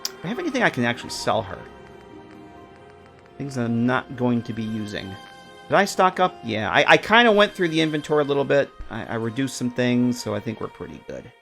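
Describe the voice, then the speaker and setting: A man's voice: mid-range voice, sing-song, a little fast, vocal fry, music in the background. A man giving casual, joking commentary while streaming a game, often stumbling over his words.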